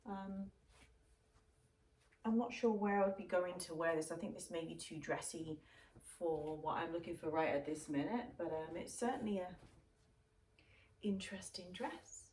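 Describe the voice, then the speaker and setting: A woman's voice: lowish voice, normal speed, long pauses, a little mellow, a little hiss or hum. A middle-aged woman vlogging a clothing unboxing in a chatty, rambling way with lots of ums. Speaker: fashion vlogger. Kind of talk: casual unboxing chat to camera.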